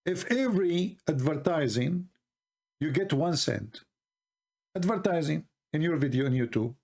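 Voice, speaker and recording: Middle Eastern man with an Arabic accent and a slightly high voice, delivering a mocking, deadpan-ironic rant. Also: creaky. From Middle East. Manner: mocking, ironic, rambling asides. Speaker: online commentator. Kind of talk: sarcastic monologue.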